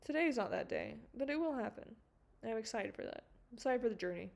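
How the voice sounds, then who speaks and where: A woman's voice: a little high, lively intonation, quick pace, gravelly, darkish tone. Giggly, rambling woman streamer. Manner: rambling, giggly, swears freely. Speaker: animator livestreaming her work. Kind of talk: casual livestream chat. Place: home studio at a computer.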